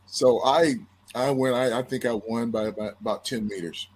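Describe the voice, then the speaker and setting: A man, a former football player, telling a story as a podcast guest in a lively, animated way, often repeating his words as he starts a sentence. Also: medium pitch, moderate pace. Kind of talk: casual storytelling.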